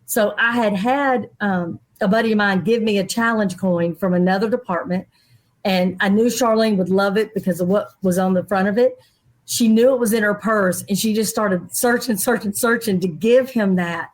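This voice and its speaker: A middle-aged woman, a guest in an interview, telling a personal story in a lively way and acting out other people's voices. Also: medium pitch, normal speed. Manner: animated, acts out quoted people's voices.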